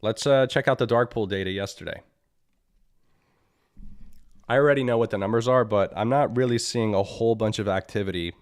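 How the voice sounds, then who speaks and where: A man's voice: on the low side, fairly quick, long pauses. A man hosting a live market analysis stream. He sounds annoyed, talks bluntly, repeats himself and keeps asking "right?". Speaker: trading stream host.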